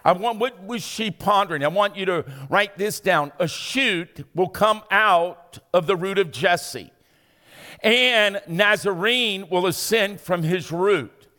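A man preaching a sermon as pastor, building to shouted emphasis and asking the congregation to respond. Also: sits high, slow pace, long reverb tail.

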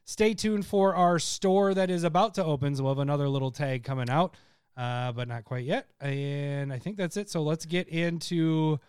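A podcast co-host chats casually, rambling and frequently bursting into laughter. His voice sits on the high side, a little mellow, clear and resonant, at a moderate pace. The recording is dry, with clean studio sound.

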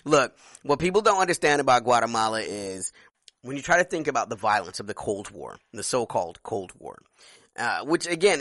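An animated man holding forth in a casual political chat, emphatic and loose with profanity. His voice comes through bright and forceful. It sounds dry and close, with no room around it. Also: medium pitch, no echo. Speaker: podcast co-host.

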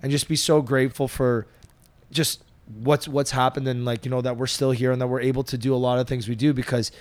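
A man hosting a podcast, an animated storyteller who swears casually. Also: mid-range voice, fairly quick, no room sound. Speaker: podcast host. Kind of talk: casual chat.

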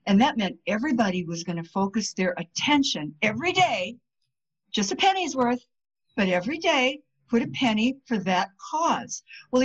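A woman guest on a podcast, talking casually about spirituality and telling stories, and she acts out the voices of the people in them. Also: a little high. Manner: animated storyteller, acts out quoted voices. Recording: dull lo-fi sound.

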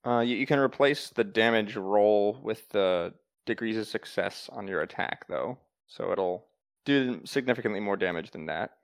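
A man running a tabletop game as game master, explaining rules and narrating in a calm, matter-of-fact way. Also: fairly low pitch, normal speed, vocal fry, no room sound.

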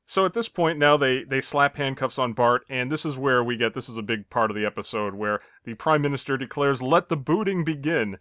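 A podcast host with a clear, resonant, bright, forceful mid-range voice recaps an episode's plot step by step, a little fast and with few pauses, chuckling at the gags. The casual chat is recorded at studio quality with no room sound.

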